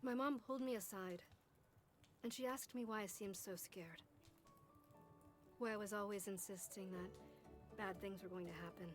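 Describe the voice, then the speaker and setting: A woman reading a troubled young woman's memory in a quiet, reflective way. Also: medium pitch, natural voice. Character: anxious young woman recalling her youth.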